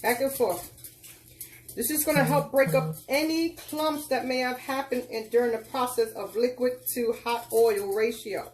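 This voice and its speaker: A woman's voice: a little high, fairly even intonation, normal speed, darkish tone, slight background noise. A woman hosting a live cooking tutorial, giving folksy, instructive directions and calling her viewers child and girl. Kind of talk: casual live cooking demonstration.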